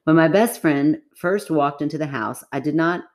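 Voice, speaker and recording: A woman's voice: low-pitched, normal speed, heavy background noise. A woman co-hosting a podcast in casual chat, playful and giggly, stumbling as she reads listener stories aloud. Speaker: podcast co-host.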